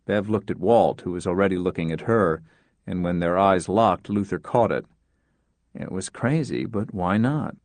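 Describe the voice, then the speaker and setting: A man narrates a story in a measured, understated audiobook reading. His voice sits low. The recording is dry and close, with no room sound. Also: a little mellow, dry recording.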